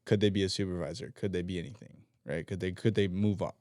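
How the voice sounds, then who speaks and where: A man's voice: deep voice, steady tone, fast, darkish tone, dry recording, studio quality. Profane ranting man on a podcast. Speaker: podcast co-host; team leader at work. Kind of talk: casual chat.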